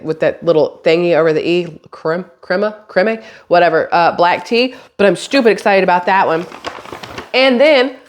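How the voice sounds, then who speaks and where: A woman, a mother, chatting casually to camera as a vlogger, rambling and swearing lightly. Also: medium pitch. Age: adult, has a daughter.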